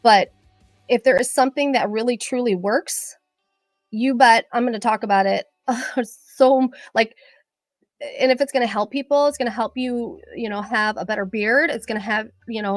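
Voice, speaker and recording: A middle-aged woman, a cosmetologist chatting with viewers on a live stream, excitable and rambling with many fillers. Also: fairly high pitch, dry recording. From Michigan. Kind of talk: casual live-stream chat.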